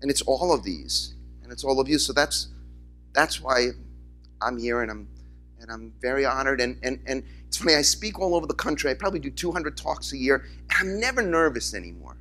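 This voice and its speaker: A rabbi gives a keynote to a crowd, a man whose voice comes across bright and forceful. He spins his stories with animation and slips into the voices of others, while a little music lingers faintly behind him. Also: mid-range voice, a little fast. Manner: storytelling, animated, acts out quoted voices. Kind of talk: conference keynote speech. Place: conference hall, in front of audience.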